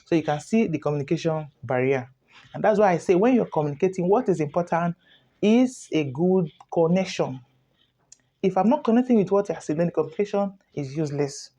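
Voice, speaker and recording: A woman gives earnest relationship advice in a low, mellow voice. She is instructive and repeats her key points. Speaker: relationship coach. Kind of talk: advice talk to camera.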